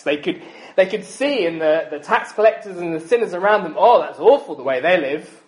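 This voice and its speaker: A man's voice: on the high side, rough recording. Man preaching a chatty sermon. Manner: chatty, self-deprecating, frequent ums.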